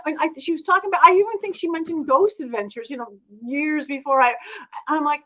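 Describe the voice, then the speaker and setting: A woman with a high voice tells her story in an interview, acting out the other voices with lively shifts. She talks as a spiritual medium, animated and expressive. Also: a little fast, rough recording. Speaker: guest, medium.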